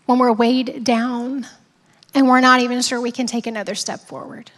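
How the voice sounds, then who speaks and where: A woman pastor delivers a reflective sermon in a high, light voice. She often sinks to a hushed whisper to stress a point. The sound carries a long reverberant tail, as in a large hall. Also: level tone, moderate pace. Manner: reflective, drops to soft whispers for emphasis.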